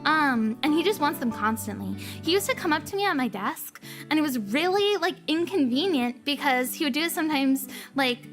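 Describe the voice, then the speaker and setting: A woman's voice: high-pitched, expressive, normal speed, fairly bright tone. A woman streamer chatting casually in a bubbly, rambling, playful way. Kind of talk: casual chat. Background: faint background music.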